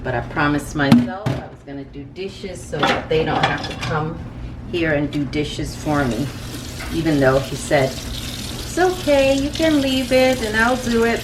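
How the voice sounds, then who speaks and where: A woman's voice: low-pitched, distant mic, noisy background. A woman chatting casually to her camera in an apartment kitchen, rambling on as she tidies up. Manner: chatty, rambling, talks to herself while tidying. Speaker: travel vlogger. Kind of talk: casual vlog chat to camera. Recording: clear background music under the voice.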